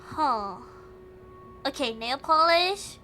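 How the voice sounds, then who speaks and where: A woman's voice: high-pitched, animated, extremely slow, bright, forceful tone, a little hiss or hum. A young woman streaming a game, thinking aloud in casual chat, giggly and chatty. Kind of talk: casual live game commentary.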